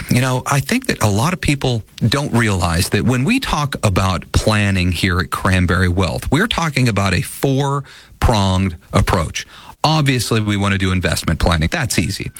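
A man's voice: medium pitch, expressive, normal speed, dry recording. A man hosting a financial advice radio show, talking earnestly in a folksy, casual way.

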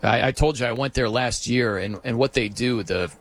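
A man hosting a sports radio show, excitable and chatty, imitating stadium chants as he talks. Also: medium pitch, normal speed. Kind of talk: energetic sports talk.

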